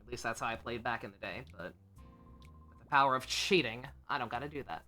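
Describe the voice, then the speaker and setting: A young woman streaming a game, giving casual, laughing, excitable commentary with swearing. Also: rumbling low, a little fast, soft background music.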